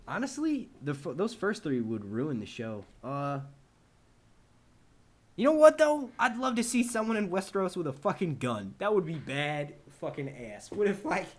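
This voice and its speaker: A man's voice: fairly high pitch, sing-song, normal speed. A man answering viewer questions on a live stream in a casual, rambling and profane way.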